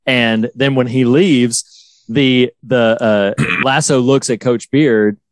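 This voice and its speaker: A man's voice: medium pitch, steady tone, slow, dry recording. A man co-hosting a podcast in casual chat, enthusiastically retelling favorite lines from a series. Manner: enthusiastic, quotes lines from the show. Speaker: podcast co-host.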